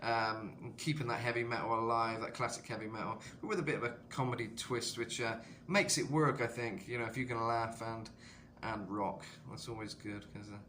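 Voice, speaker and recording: Male vocal coach, casual rambling tutorial, a little rough in the throat, very bright tone, faint background hiss. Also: mid-range voice, fairly even intonation, moderate pace. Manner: rambling, lots of "you know", jumps into sung demos.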